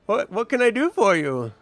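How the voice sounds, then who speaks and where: A man's voice: high-pitched, no echo, pitched above the performer's own voice, full character voice. A man voicing a fussy old male alchemist shopkeeper who stammers and fawns over customers. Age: older. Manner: stammering, fawning.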